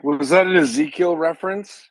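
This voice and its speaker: A man's voice: a little high, moderate pace, low-quality recording. A man with a Canadian accent hosting a casual live audio chat, teasing and sarcastic. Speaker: host.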